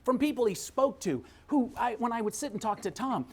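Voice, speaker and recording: A middle-aged man telling an excitable story as a guest in a webcast interview. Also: very high-pitched, brisk.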